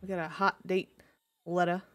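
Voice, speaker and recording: A woman's voice: on the low side, little pitch movement, moderate pace, a little hiss or hum. A woman in her twenties chatting casually as she streams a game, giggly and rambling, with many restarts. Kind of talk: casual gameplay commentary.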